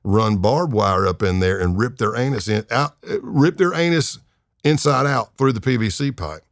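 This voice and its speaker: A man's voice: mid-range voice, moderate pace, no echo, clean studio sound, close to an everyday voice. A man quoting a torture-loving middle-aged woman. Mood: casual.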